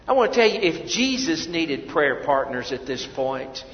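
A male pastor preaching a sermon, swinging between soft, hushed lines and loud emphatic ones and often repeating words as he restarts. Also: a little high, big pitch swings, normal speed. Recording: echoey hall, dull lo-fi sound.

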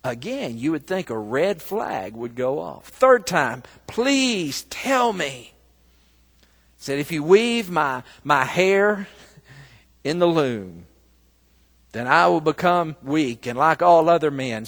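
A man preaching a sermon, telling a story slowly and breaking into loud, emphatic bursts. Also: on the high side, very animated. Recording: long reverb of a large hall.

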